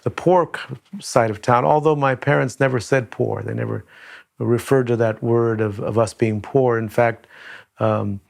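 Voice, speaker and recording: An older man from Southern California telling a reflective personal story as a conference speaker, with many pauses and restarts. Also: mid-range voice, gravelly.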